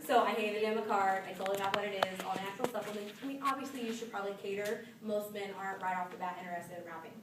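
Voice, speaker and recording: A woman's voice: mid-range voice, fairly even intonation, very fast, hardly any pauses. Upbeat woman trainer telling stories to a group, heard from across an echoey noisy room. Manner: chatty, storytelling, upbeat. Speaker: sales trainer. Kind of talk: live training talk. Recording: echoey room from far off with noise.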